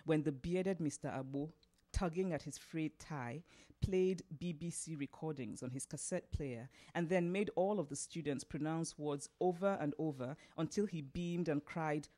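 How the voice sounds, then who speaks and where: A woman novelist reading her own fiction aloud, unhurried and expressive. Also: deep voice. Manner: unhurried, expressive, laughs at slips.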